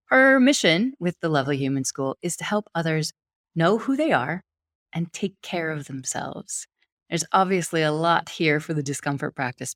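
Low-voiced, enthusiastic woman podcast host. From Wyoming, USA. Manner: enthusiastic, gushing. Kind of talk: podcast introduction and interview chat.

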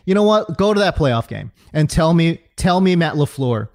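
A man with a high, lively voice co-hosts a casual sports podcast. He rants in bursts, full of fillers and repeated words. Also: normal speed, hardly any pauses. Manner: animated ranting with many fillers and repeats. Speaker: fantasy football podcast co-host.

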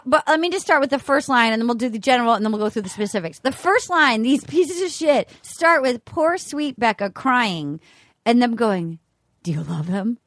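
High-voiced, rambling woman host. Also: moderate pace, no echo, clean studio sound. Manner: rambling, excitable, jokey. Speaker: podcast host. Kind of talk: casual chat.

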